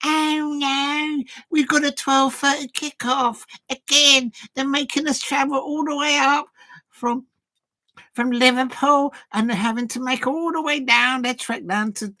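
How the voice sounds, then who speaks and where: A man voicing a complaining adult male away football fan in a high, whinging voice. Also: steady tone, unhurried, pushed and bright, exaggerated voice. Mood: moaning.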